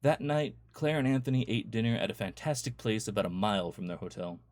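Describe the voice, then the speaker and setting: A man reading aloud his own horror story in a measured, storytelling way. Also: on the low side, a little mellow, no echo, studio quality.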